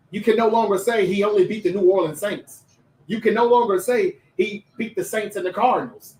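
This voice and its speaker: A man hosting a casual sports talk livestream, chatty and animated, reading viewer comments aloud and talking straight to his chat. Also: sits high, echoey room, distant mic, rough recording.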